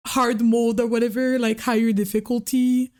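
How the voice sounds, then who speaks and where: A young woman hosting a casual interview, asking questions in a relaxed, chatty way that often trails off with fillers. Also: on the high side, normal speed. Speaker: interview host.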